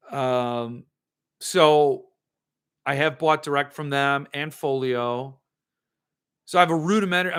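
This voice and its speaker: A man hosting a casual monologue, rambling and animated with excitable outbursts. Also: on the high side. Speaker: host.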